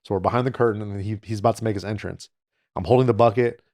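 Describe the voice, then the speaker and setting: A man telling a story in casual podcast chat, animated, acting out voices and laughing often. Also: lowish voice, racing, no room sound. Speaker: podcast co-host and fight coach.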